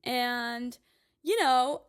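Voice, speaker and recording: Speaking very slowly in a smooth, fairly high voice, a woman in her twenties chats casually with her podcast audience. She's emphatic and talkative, leaning heavily on "like."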